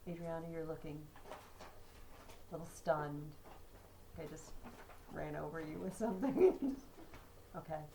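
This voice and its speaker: A woman's voice: deep voice, unhurried, vocal fry, long pauses, mellow, a little hiss or hum, low-quality recording. A woman teacher giving a chatty classroom lesson, chanting poetry rhythms aloud. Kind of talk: classroom lecture.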